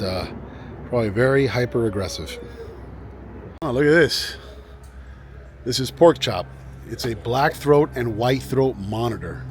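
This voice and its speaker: A man hosting a casual travel vlog, walking outdoors with a handheld camera and chatting excitedly, often dropping to a hushed voice. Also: fairly low pitch, background noise. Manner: chatty, exclaims at animals, drops to hushed voice. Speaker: vlog host. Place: outdoor animal park.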